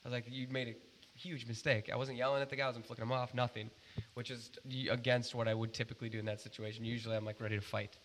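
Animated, cursing storyteller man. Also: medium pitch, rapid-fire, a little hiss or hum. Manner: animated, swears freely, rambling with restarts. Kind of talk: casual storytelling chat.

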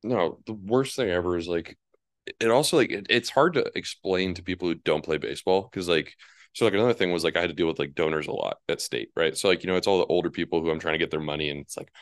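A man in his twenties, a college pitcher, telling baseball stories in casual chat and acting out the people he quotes. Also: fast, no echo. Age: 20s. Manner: animated storyteller, acts out quotes in high voices.

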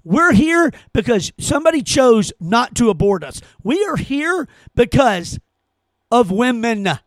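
A man with an unusually high voice rants hard, cursing and hammering the same words over and over. His pitch jumps all over as he gets worked up, and the sound is dry and close with no room around it. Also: sing-song, measured pace, no room sound. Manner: heated, cursing, emphatic repetition. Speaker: podcast host. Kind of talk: angry opinion rant.

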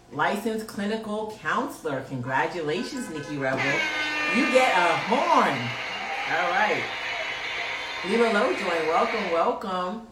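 A woman's voice: sits low, a bit bright. A woman hosting a podcast and reading out live chat comments, laughing and teasing in loose slang. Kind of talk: casual chat. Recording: roomy echo, distant mic, faint noise.

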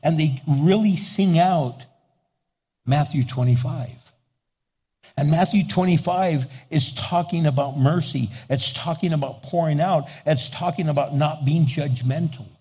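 A man's voice: on the high side, measured pace, dark tone, breathy edge, in a large hall. A man preaching a sermon as pastor, playful, acting out little dialogues and laughing often.

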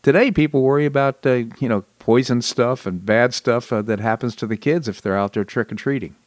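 A man's voice: mid-range voice, fairly quick, no echo. A man hosting a talk show, chatting casually about politics and memories, with frequent chuckles. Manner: conversational, chuckles often. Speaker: radio show host.

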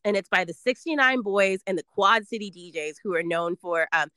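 Lively bright-voiced woman, chatty. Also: mid-range voice, normal speed, smooth, no room sound, studio quality. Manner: animated, laughing, reads lyrics aloud playfully. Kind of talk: casual chat.

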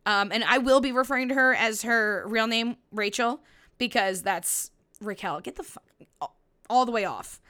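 A young woman hosts a casual solo podcast, chatting bluntly and animatedly and swearing freely. Her voice is bright and sharp, set a little high, and she often acts out what others said. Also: moderate pace. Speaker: podcast host.

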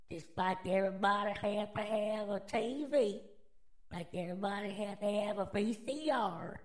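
A woman's voice: medium pitch, natural voice. Woman putting on a furious redneck man. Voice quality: drawling, profane, shouting bursts. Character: angry Southern redneck man, gun-loving conspiracy ranter. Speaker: comedy character. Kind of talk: comedic character rant.

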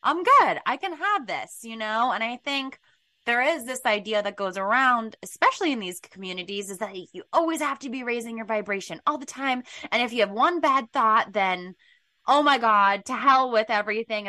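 A woman's voice: a little high, pushed and bright, no room sound. A woman hosting a podcast, candid and casual, swearing freely and laughing as she talks. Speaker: podcast host.

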